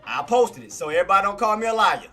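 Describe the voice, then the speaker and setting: Excited high-voiced man streaming trades. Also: rapid-fire, faint music behind. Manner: excitable and boastful, repeats himself. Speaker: day-trading streamer. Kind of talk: live trading commentary.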